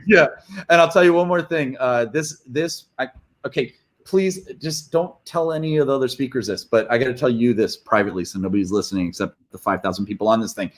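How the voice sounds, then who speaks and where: A man's voice: mid-range voice, fairly quick. A man hosting a virtual summit, enthusiastic and joking, with many "uh"s and "um"s. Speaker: host. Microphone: video call.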